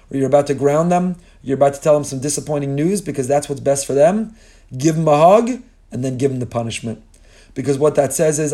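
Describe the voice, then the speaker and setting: Warm-voiced man giving an impassioned sermon. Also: a little high. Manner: impassioned, repetitive rhetorical lists; mixes in Hebrew phrases. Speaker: Torah teacher. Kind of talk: sermon-style Torah lecture.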